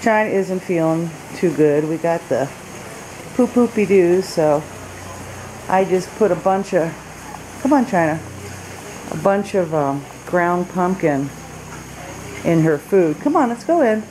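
Recovering from illness, this female vlogger films her home video blog on a handheld camera, moving in and out of doors at home and cooing to her pets in baby talk. Her lowish voice is warm, slow and full of pauses, and the low-quality recording carries a little hiss or hum.

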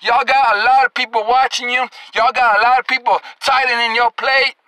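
High-voiced, bright, scolding male preacher. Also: fairly even intonation, no echo, poor audio. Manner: scolding and profane, with drawn-out emphasis on scripture. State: angry. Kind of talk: angry confrontational sermon.

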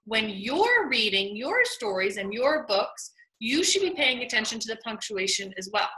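High, lively woman teaching kids to read. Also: echoey room, rough recording. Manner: slow, deliberate reading aloud with exaggerated pauses. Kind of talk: reading lesson for young children.

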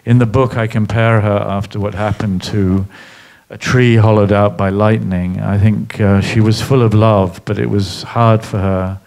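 A middle-aged man speaks in a low, gravelly voice. He is a guest in an on-stage interview and tells his stories in a reflective, halting way, with many fillers and restarts. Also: little pitch movement, a little mellow. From Britain. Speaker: guest, columnist and author. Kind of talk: live interview at a public event.

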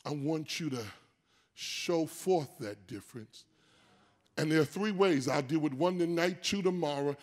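An older man pastor preaching a sermon in a distinctive high voice, rising into shouted, sing-song preaching. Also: a little slow. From United States. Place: church sanctuary.

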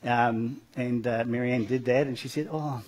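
A man's voice: mid-range voice, flat delivery, normal speed, darkish tone. A middle-aged man in a church giving an earnest, rambling personal testimony with many fillers, then leading a prayer.

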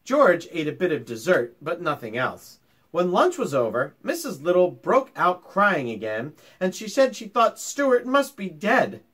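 A man's voice: high voice, measured pace, husky. A male teacher reading a children's chapter book aloud and chatting with his young pupils about it. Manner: animated, talks to children directly.

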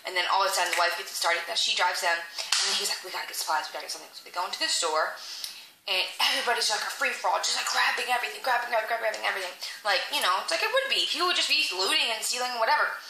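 A young woman, chatting to camera as she retells a movie and acts out the lines in quick little voices. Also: medium pitch, pushed and bright. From Philadelphia. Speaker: vlogger reviewing a movie. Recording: echoey room, faint noise.

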